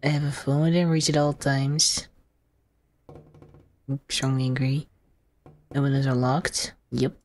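A woman with a low, deep-set voice plays through small horror games, reading the prompts aloud and reacting quietly. She talks slowly and softly, now and then jumping up in a startled yelp. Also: fairly even intonation. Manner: slow, soft, low-key reactions with sudden startled jumps. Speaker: gaming channel host. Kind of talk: let's play commentary, reading game text aloud.

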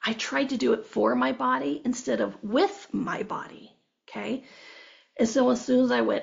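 A woman's voice: a little high, moderate pace, gravelly. A woman giving a motivational talk as a speaker on listening to the body, conversational and storytelling, often ending lines with "okay?" and "right?". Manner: acts out dialogue in storytelling. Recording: dull lo-fi recording.

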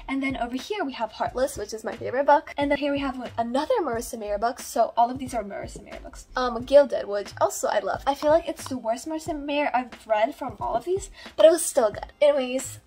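A teenage girl with a high, youthful voice chats through a casual bookshelf tour. She talks loosely, with plenty of "like" fillers. Her voice is recorded on a phone. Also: warm tone. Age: teens. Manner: chatty, lots of "like" fillers. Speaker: book vlogger.

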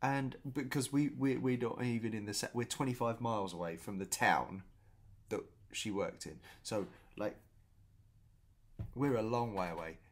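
A man telling a story in a casual vlog, chatty and animated, often repeating himself. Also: fairly low pitch, moderate pace. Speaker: vlogger.

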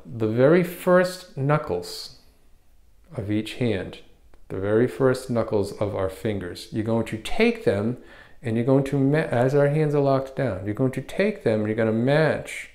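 A man teaching a guided meditation, explaining hand positions and breathing slowly, step by step. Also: medium pitch, echoey room. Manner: calm, step-by-step explaining with restarts. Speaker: meditation instructor.

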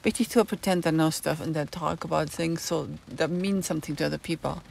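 A woman's voice: deep voice, steady tone, fairly quick, gravelly, a little mellow. A woman hosting a live stream, musing in a rambling way and stopping often to search for words. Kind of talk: casual live-stream monologue answering chat.

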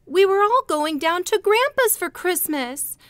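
A woman reading a storybook, voicing a sad little boy near tears in a high childlike voice. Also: expressive, unhurried, dry recording, clean studio sound. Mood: doleful.

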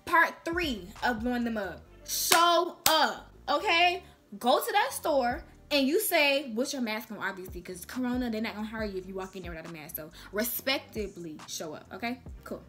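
A woman's voice: on the high side, animated, moderate pace, pushed and bright, soft background music. A young woman giving casual advice in a chatty vlog, speaking in slang and acting out little dialogues. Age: young adult. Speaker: vlogger.

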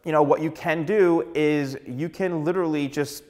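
A man's voice: fairly high pitch, fairly even intonation, moderate pace, darkish tone. A man who works as a hairstylist, giving casual, chatty advice to the camera and acting out little dialogues along the way.

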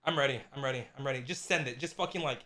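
A young man joking and swearing loudly with a friend during a gaming video. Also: medium pitch, rapid-fire, crowd noise. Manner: loud, swearing, laughing outbursts. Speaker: co-host, gaming partner. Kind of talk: casual excited gaming banter. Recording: echoey room.

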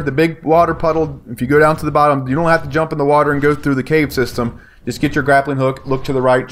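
A man giving casual, excitable commentary on his gameplay, talking to viewers and yelping when danger shows up. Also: on the high side. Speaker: gaming YouTuber.

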